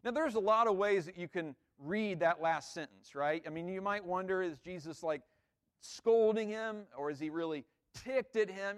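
A man's voice: sits high, normal speed, smooth. A man, a pastor, giving a conversational sermon in an informal way, repeating words and checking in with the listeners.

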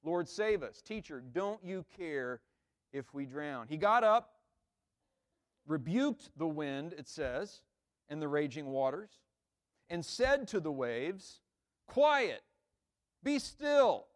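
Taking it slowly and pausing often, a pastor with an expressive, slightly high voice gives a conversational sermon. He keeps asking "right?" and performs the disciples' lines, building emphasis as he goes.

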